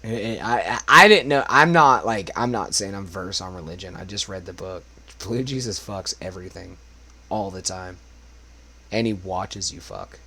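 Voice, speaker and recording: A young man talking off the cuff to his stream chat, rambling from one thing to the next and swearing freely. His voice sounds bright and forward. It is a little worn from smoking. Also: low-pitched, moderate pace, a little hiss or hum. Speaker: karaoke streamer. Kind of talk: casual livestream chat.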